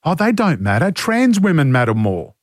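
A man's voice: fairly high pitch, huge pitch swings, normal speed, no echo, clean studio sound. An Australian man hosting talkback radio, blunt and exasperated as he takes calls and reads out texts. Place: radio studio. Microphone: studio microphone.

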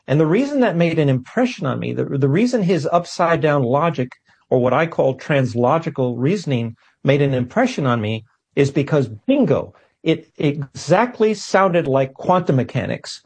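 A man as a talk-show guest, telling a personal story in an animated way and often repeating words as he goes. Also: on the high side, moderate pace, creaky, slightly rough. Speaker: guest scientist.

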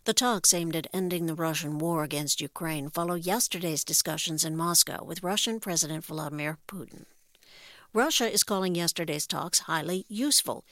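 A woman reading a radio newscast in a crisp, even newsreader manner. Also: low voice, no room sound, studio quality. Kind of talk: news reading.

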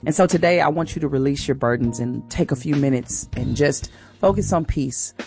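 A woman's voice: deep voice, brisk, dark tone, soft background music. A woman hosting a morning radio show, giving an earnest, encouraging inspirational talk straight to her listeners.

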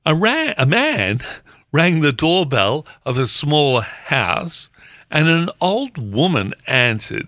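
Male radio host, slow unhurried delivery, bright tone, lively pitch, dry studio sound. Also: no echo. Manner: playful, reading jokes aloud. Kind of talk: community radio show hosting.

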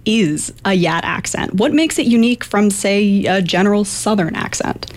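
A woman's voice: mid-range voice, moderate pace. A woman radio reporter asking interview questions with curiosity.

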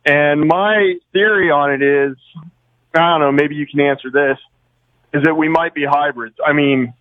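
A man's voice: on the high side, moderate pace, no echo. A male radio caller from Oregon, rambling and hesitant as he repeats himself. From Oregon, USA. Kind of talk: phone-in conversation. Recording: tinny dry phone line.

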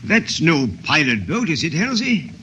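A man's voice: fairly high pitch, sing-song, a little slow, slight background noise, heavily acted. A fatherly older passenger. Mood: wry. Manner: gentle, fatherly advice. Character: older male ship passenger, worldly and kindly. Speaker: ship passenger. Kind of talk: 1950s radio drama acting. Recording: dull lo-fi old radio recording.

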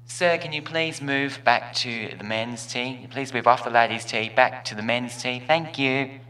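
A man's voice: medium pitch, unhurried, sharp tone. A prim golf clubhouse announcer, played by a man in a joke, formal and overly polite. The voice stays close to the man's own. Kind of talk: joke told with put-on voices.

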